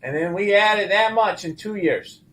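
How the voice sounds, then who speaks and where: Animated man commenting on markets. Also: sits high, normal speed. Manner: animated, exclaiming and laughing at the numbers. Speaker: show host.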